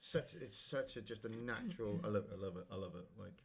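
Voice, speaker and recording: A man streaming a video game and chatting casually, rambling and breaking into sudden excited shouts at the game. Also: on the low side, brisk, vocal fry, over a noisy crowd. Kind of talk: casual chat while gaming.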